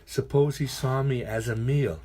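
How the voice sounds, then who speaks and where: A man's voice: mid-range voice, fairly even intonation, a little slow, warm tone. A middle-aged man, a teacher, reading picture books aloud to his class with playful, chatty asides.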